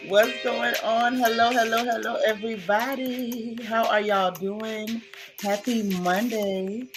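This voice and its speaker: A woman's voice: medium pitch, a bit bright. Chatty woman hosting a gossip stream. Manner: chatty, greets viewers by name, playful slang. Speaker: livestream gossip host. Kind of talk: casual chat.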